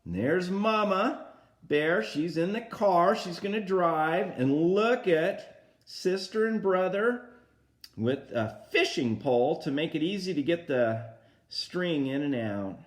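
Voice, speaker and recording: Slow, lively older grandfather reading a storybook. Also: on the high side. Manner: pauses to point at pictures and comment. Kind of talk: reading a picture book aloud.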